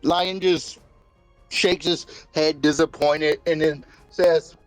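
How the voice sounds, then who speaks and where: A man playing a tabletop game, playful and deadpan, swearing casually. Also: a little high, slow, dry recording, faint music behind, poor audio. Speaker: player. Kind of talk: tabletop role-play chat.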